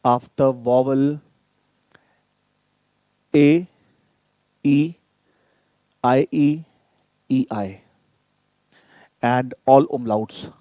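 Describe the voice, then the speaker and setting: A man teaching German in a live online lesson, repeating each sound slowly so viewers can copy it and inviting them to type in questions. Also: medium pitch, no echo, lo-fi sound. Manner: addresses viewers directly, inviting typed questions.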